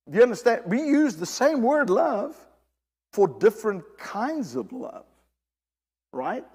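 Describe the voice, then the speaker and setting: A man delivers a sermon in a high voice that leaps up and down. He speaks slowly and emphatically, circling back over his phrases and calling out to the congregation. His words ring through a hall with a long reverb. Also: sing-song, a little mellow, husky. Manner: emphatic, repeats and restarts phrases, addresses the congregation directly. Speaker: preacher.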